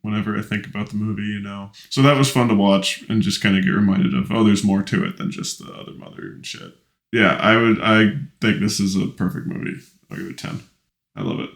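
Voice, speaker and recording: A man's voice: on the low side, brisk, gravelly, reverberant. A young man co-hosting a podcast, easygoing and swearing casually as he chats. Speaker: podcast co-host. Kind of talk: casual chat.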